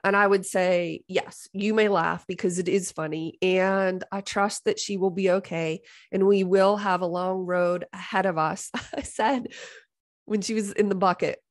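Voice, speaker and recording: A middle-aged woman podcast host tells a story in an unhurried, mid-range voice, yet with casual animation. She's exasperated and joking by turns, and she often slips into voicing other characters.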